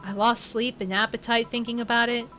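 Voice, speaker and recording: A woman's voice: on the high side, level tone, fairly quick, pushed and bright. A woman reading a blunt, grieving young woman. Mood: exasperated.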